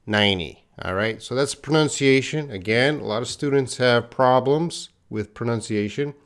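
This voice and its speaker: A man's voice: medium pitch, normal speed. A man teaching an English lesson on a live stream, drilling words for students to repeat and chatting with viewers in the chat. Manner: chats with viewers, reading the live chat aloud.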